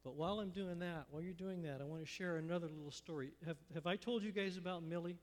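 A man preaching a sermon in a church, telling stories in a folksy, unhurried way. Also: a little high, big-room sound. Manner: folksy storytelling with pauses. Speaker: pastor. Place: church sanctuary.

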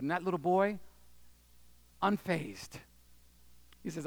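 High-voiced man telling a sermon story. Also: slow pace, long pauses, fairly bright tone. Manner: dramatic storytelling, acting out voices, asks the audience if they are listening. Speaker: preacher. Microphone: handheld or stand microphone.

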